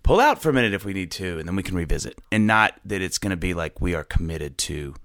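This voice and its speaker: Low gravelly man, rambling and laughing. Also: big pitch swings, fast, fairly bright tone, dry recording, clean studio sound. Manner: rambling, self-interrupting, often laughing. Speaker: podcast guest, musician. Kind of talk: casual conversational interview.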